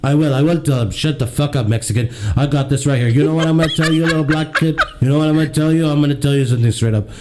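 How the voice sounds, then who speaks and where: A man's voice: fairly high pitch, racing, hardly any pauses, background noise, close to an everyday voice. A man doing a crude, bragging politician impression. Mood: taunting. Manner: boastful, crude, insulting. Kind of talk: comedy podcast impression.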